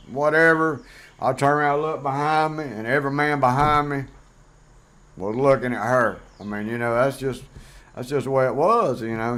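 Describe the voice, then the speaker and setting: A man's voice: mid-range voice, a bit bright. A middle-aged man talking bluntly and plainly in a casual vlog monologue, rambling with fillers. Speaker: vlogger host.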